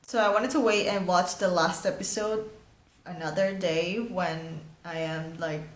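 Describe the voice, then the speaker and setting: A woman's voice: lowish voice, steady tone, unhurried, echoey room. A young Venezuelan woman with a Venezuelan accent, chatting casually in a vlog about a show she just finished. She talks emphatically and swears, though a sore bitten lip makes her speech a little awkward. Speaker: vlogger.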